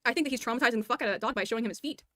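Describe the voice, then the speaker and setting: A combative woman streamer argues hard in a call, swearing and talking over the other person. She speaks very fast in a high voice. The sound is bright and dry. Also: no echo. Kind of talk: heated argument.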